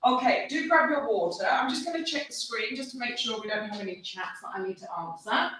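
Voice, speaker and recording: A woman's voice: fairly high pitch, animated, a little fast, a bit bright, soft background music. A woman from the UK teaching a live online dance class, chatty and upbeat, counting steps aloud. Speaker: dance instructor. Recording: echoey room, voice from far off.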